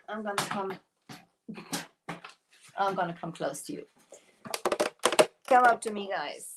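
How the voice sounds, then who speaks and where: A woman's voice: mid-range voice, very noisy. A woman who owns a craft shop, hosting a casual live stream. She talks while she works and thanks her viewers by name. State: out of breath.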